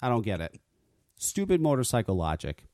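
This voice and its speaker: On his talk radio show, this man goes on profane, stammering rants, cursing freely and restarting his sentences. His medium-pitched, darkish voice swings hugely in pitch and runs a little fast. The studio sound is clean, with no echo.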